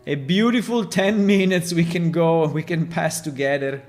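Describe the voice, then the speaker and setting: A man's voice: fairly high pitch, normal speed, soft background music. A man from Italy with an Italian accent, rambling and joking with his chat in a casual live stream while he works on a game.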